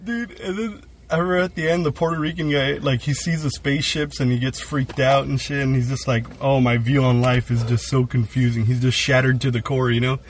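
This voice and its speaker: A man's voice: medium pitch, steady tone, brisk, hardly any pauses, slight background noise. A young man and comedian co-hosting a podcast, telling a story in a rambling, profane way full of fillers. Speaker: guest co-host and comedian. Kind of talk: casual podcast chat.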